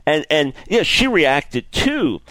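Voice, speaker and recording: A man preaching a sermon in an earnest, lively way, often repeating words and stumbling as he builds his point. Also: a little high, slow, no echo.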